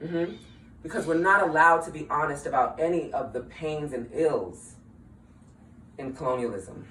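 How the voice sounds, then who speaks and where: A speaker in an impassioned, conversational speech, slangy and quick to laugh mid-sentence. The voice sits at a middle pitch and comes across roomy and a bit distant. A faint ambience hums behind. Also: pushed and bright, slight background noise. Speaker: political speaker.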